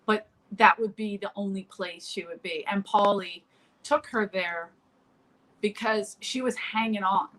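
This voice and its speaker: A woman's voice: mid-range voice, unhurried, a bit bright, poor audio. Woman, comedian guest, casual storytelling, lots of fillers, remote call. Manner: rambling, full of fillers and restarts.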